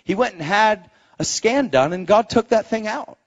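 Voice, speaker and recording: Guy preaching testimonies, big swings loud to quiet, lively pitch all over. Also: normal speed. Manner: animated storytelling, swings between loud exclaims and low asides. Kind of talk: testimony sermon. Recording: dull lo-fi live recording.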